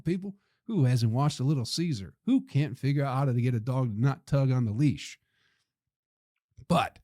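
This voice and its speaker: A man's voice: fairly high pitch, dark tone, no echo, studio quality. A young man hosting a podcast, telling a rambling, profane, exasperated comic story. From Flint, Michigan. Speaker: podcast host, comedian.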